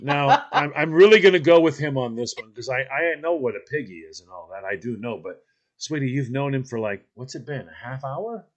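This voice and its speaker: Animated laughing man telling stories. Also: mid-range voice, a little fast, lo-fi sound. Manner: animated, laughing, acts out quotes in funny voices. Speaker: podcast host. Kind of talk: casual storytelling chat.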